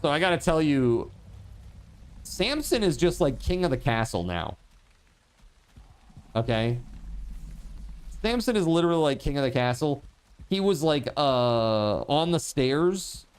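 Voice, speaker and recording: A man's voice: a little high, big pitch swings, measured pace, long pauses, clear, resonant tone. A man streaming a game, chatting casually and rambling to his viewers with lots of fillers. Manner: talks to chat viewers. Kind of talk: casual livestream chat while gaming.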